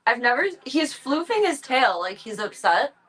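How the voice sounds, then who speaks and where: A woman's voice: high-pitched, big pitch swings, moderate pace, fairly bright tone, soft background music, low-quality recording. A woman livestreaming from home, chatting casually and cooing playfully at her cats in baby talk.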